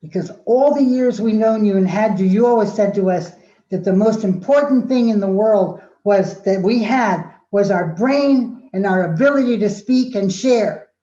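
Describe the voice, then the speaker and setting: A woman voicing a loud, defiant young man who was once her student, speaking high and insistent. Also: moderate pace, close to an everyday voice. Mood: indignant. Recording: roomy, dull sound.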